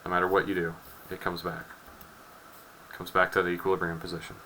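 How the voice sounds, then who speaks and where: A man's voice: low-pitched, monotone, fast, pushed and bright, slight background noise, low-quality recording. A man teaching a chemistry lecture in a loose, joking way, rambling into asides and often repeating his words. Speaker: chemistry instructor. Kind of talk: casual recorded lecture.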